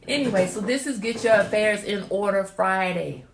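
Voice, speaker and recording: A woman's voice: mid-range voice, moderate pace, crowd noise. A woman hosting a casual livestream, chatty and emphatic, giving motherly advice to viewers. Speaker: host. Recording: roomy echo.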